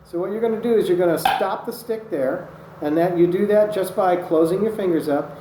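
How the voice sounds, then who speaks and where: Speaking a little fast in a high pitch, this man teaches drumming technique and names strokes while showing them, staying patient and methodical. Loud noise and echo fill the room, and sticks can be heard hitting a practice surface.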